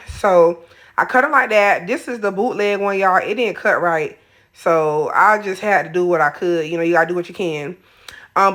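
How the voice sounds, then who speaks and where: A woman's voice: mid-range voice, a bit bright. A young adult woman, chatting casually through a cooking tutorial in her home kitchen, sassy and talking straight to viewers. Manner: chatty, sassy, talks to viewers as y'all, honey, child. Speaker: cooking vlogger.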